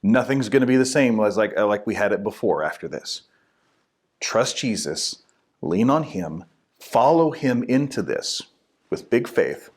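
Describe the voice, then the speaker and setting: A man's voice: fairly low pitch, a little slow. A young man, a minister, giving a short casual devotional talk in a conversational way. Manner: conversational, animated, acts out quotes.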